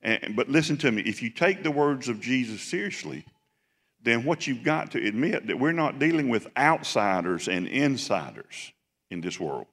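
A man's voice: mid-range voice, animated, moderate pace, creaky, fairly bright tone. A pastor delivers a Sunday sermon with a mid-range voice, pressing his points through repeated phrases and questions to the room. His voice carries into the long reverb of a large church sanctuary. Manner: emphatic, repetitive preaching with rhetorical questions. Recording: long echo of a church hall.

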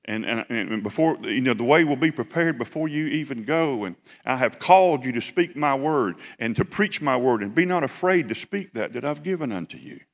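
A man from South Georgia with a Southern US accent, preaching a lively testimony sermon with animated storytelling. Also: medium pitch, fairly quick, few pauses. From South Georgia, USA. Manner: animated storytelling, building to fervent praise. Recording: reverberant hall.

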